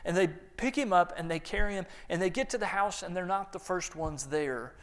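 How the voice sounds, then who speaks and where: A man preaching a sermon, acting out the voices in the story and swinging between loud lines and hushed ones. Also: high voice, moderate pace. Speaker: pastor.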